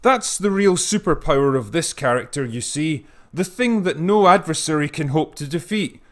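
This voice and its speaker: A man's voice: fairly high pitch, lively intonation, moderate pace, fairly bright tone. A man delivering scripted narration in a dry, sarcastic manner.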